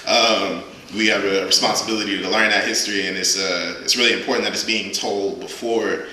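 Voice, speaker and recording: A man's voice: lowish voice, fairly even intonation, brisk, bright, forceful tone, slight background noise. A man at a live reading, performing spoken-word poetry with rhythmic, emphatic questions and then talking casually to the audience. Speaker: featured poet. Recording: very echoey room.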